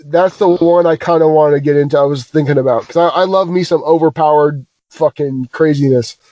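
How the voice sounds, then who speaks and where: A man's voice: fairly high pitch, steady tone, brisk, darkish tone, no echo. A man hosting a podcast in casual chat, rambling and repeating himself, with a bit of swearing. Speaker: podcast host. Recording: dull dry sound.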